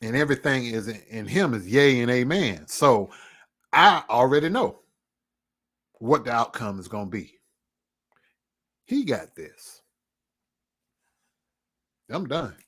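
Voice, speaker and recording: A man tells his personal testimony on a vlog in a casual, earnest, reflective way, at times quieting to almost a hush. His medium-pitched voice is sing-song with a breathy edge, and he speaks slowly with long pauses.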